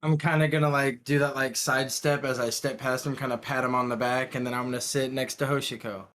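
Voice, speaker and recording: Male tabletop player, mid pitch, casual and hesitant. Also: little pitch movement, fast, fairly bright tone. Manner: casual, hesitant, lots of fillers. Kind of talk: describing his character's actions.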